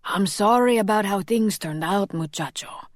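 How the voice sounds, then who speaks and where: In a clean studio recording with no room sound, a woman with a mid-range voice close to everyday speech, at a moderate pace, plays a cocky young male shapeshifter. He teases his friend in slangy, joking banter.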